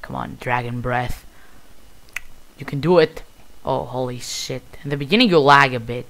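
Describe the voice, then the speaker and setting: A man with a Greek accent giving casual, excitable commentary while playing a video game. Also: mid-range voice, a little slow, gravelly, long pauses. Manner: excitable, bursts of loud exclamations. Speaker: gamer.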